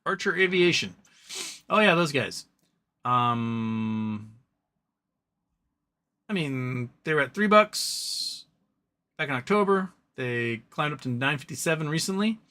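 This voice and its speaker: A man's voice: a little high, expressive, takes it slowly, long pauses, pushed and bright. A man hosting a live stream, chatting casually about stocks and reading viewer questions, with a rambling delivery full of ums and self-corrections.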